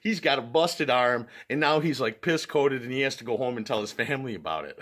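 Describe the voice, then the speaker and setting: A man's voice: medium pitch, a little fast, a bit bright. A man vlogging, telling a personal story in a casual way, often laughing and using fillers like "like" and "you know".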